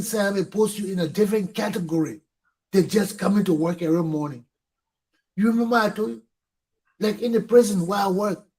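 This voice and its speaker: Man, Liberian English accent, middle-aged, fiery talk show host, husky and fairly high. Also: darkish tone, rough recording. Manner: fiery, repeats points for emphasis, swears. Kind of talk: impassioned talk show monologue.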